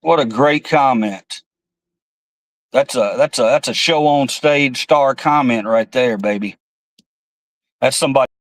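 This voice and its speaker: A man's voice: mid-range voice, a little slow, long pauses, no echo, low-quality recording. A man hosting a political livestream, ranting heatedly with lots of swearing and reading chat comments aloud. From United States. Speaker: livestream host. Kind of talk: angry political livestream rant.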